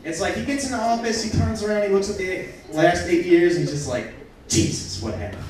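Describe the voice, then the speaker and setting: A man's voice: high voice, fairly quick. A young man doing a stand-up comedy set in a bar, telling crude jokes with brash punchlines. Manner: crude, brash punchlines with lively swings in loudness. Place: bar venue with a live audience. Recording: echoey bar room, distant mic, crowd noise. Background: crowd reactions.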